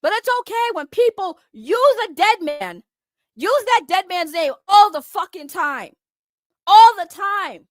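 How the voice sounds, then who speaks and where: Very high-voiced woman ranting profanely. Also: sing-song, measured pace, fairly bright tone, no room sound, studio quality. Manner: profane, confrontational, repeats points for emphasis. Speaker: online commentator. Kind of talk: heated ranting vlog.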